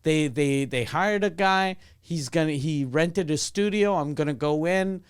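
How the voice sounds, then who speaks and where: A man's voice: a little high, measured pace, clear, resonant tone. A man co-hosting a comedy podcast, telling loose, profane stories in casual chat. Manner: loose storytelling, swears freely. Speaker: podcast co-host.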